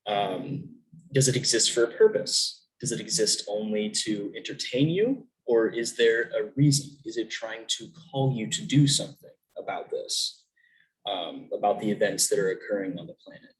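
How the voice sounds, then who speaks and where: A man's voice: lowish voice, rough recording. A young man giving a recorded virtual lesson in a casual way, with lots of ums, restarts and questions to the class. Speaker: student teacher.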